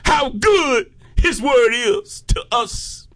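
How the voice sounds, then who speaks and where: A man. He talks slowly and deliberately, drawing out his phrases, then climbs into shouted peaks. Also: extremely high pitch, expressive. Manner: fervent, rhythmic preaching with shouted peaks and drawn-out phrases. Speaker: preacher. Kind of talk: sermon.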